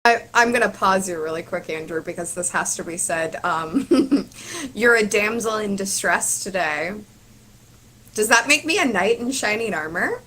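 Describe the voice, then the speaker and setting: A woman co-hosting a casual live-streamed chat, playful and teasing with quick jokes. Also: medium pitch, animated, sharp tone, a little hiss or hum, rough recording. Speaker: co-host helping with comments.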